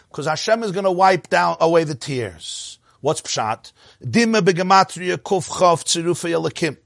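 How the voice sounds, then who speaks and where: A man with a high voice teaches a Torah class close to a dry microphone. He talks in an animated way, fires off rhetorical questions and answers them himself, and his voice rises and falls a lot. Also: dry recording. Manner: lively rise and fall, laughs often.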